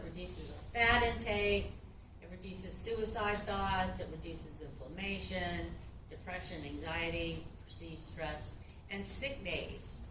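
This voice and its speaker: A woman's voice: mid-range voice, echoey room, far from the mic, background noise. A woman instructor giving a casual classroom lecture, chatty and acting out short quotes.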